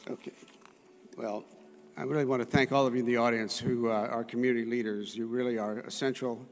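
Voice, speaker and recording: Male official, mid-pitched, easygoing and halting, thanking the audience in a reverberant hall. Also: faint music behind. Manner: relaxed, hesitant with fillers. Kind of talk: informal stage remarks. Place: large conference ballroom. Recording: long reverb of a large hall.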